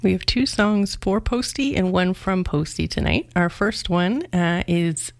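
A low-voiced Canadian woman hosting a community radio show from a campus studio. Her voice has a gravelly edge, and she talks at an easy pace with small fillers. The sound is dry and close. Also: dry recording. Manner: plain, unhurried, with small fillers. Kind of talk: casual radio announcing.

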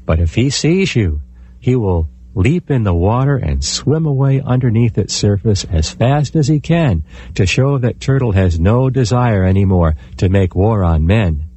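Man, storyteller, folktale, husky, animated, wide pitch swings. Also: a little slow, dry recording. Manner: expressive, animated.

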